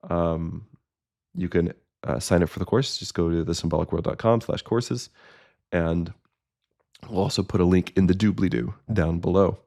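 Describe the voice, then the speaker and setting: A man who teaches courses talks casually and earnestly to his viewers from his own recording studio, rambling along with lots of fillers and restarts. His voice is low, gravelly and mellow, with fairly even intonation and a normal pace.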